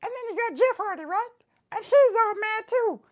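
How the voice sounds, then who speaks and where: A woman voicing an angry, boastful male wrestler in a comedy sketch interview, ranting and repeating herself with slow, heavy emphasis. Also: extremely high pitch, lively intonation.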